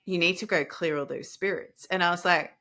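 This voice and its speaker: A woman's voice: on the low side, a little fast. A woman host telling a personal story in casual conversation, acting out the voices of the people in it. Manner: animated, acts out quoted voices. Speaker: podcast host and energy healer.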